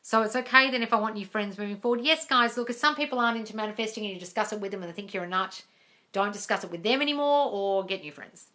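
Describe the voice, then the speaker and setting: A woman's voice: medium pitch, fast, sharp tone. A woman answering viewer questions on a livestream as a manifesting coach, talking directly and calling listeners darling. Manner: calls listeners darling and guys. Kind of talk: live Q&A coaching. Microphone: phone on a livestream.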